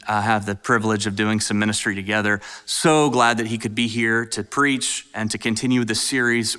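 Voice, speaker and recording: A man's voice: on the low side, pushed and bright, clear, resonant tone. A man, a pastor introducing a guest preacher to his church. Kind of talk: church announcement. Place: large church auditorium. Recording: church hall reverb.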